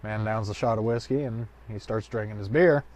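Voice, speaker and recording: A man's voice: on the low side, a little fast, a little mellow. A man telling a joke in a loose, colloquial storytelling way with rambling asides. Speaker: joke teller.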